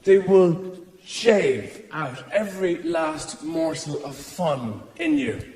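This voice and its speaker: A man's voice: fairly high pitch, slow, a little mellow, a little hiss or hum. A middle-aged man performing stand-up on a theatre stage, rambling and mock-indignant. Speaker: stand-up comedian. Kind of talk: stand-up routine. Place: large theatre stage before a live audience. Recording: echoey hall with audience laughter.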